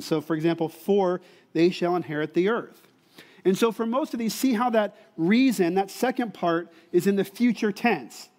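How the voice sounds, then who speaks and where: Man, high voice, Bible teacher, conversational sermon, repeats himself, asks listeners questions. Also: a little mellow. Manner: conversational, repeats words, asks "you see that?". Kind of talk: sermon to college students.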